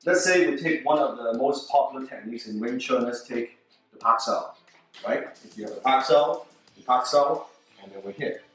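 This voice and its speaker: A man's voice: mid-range voice, moderate pace, a bit bright. A man demonstrating martial arts moves, speaking in broken English and repeating words as he shows each move. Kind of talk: demonstration lesson. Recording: roomy echo, mic at a distance, faint music.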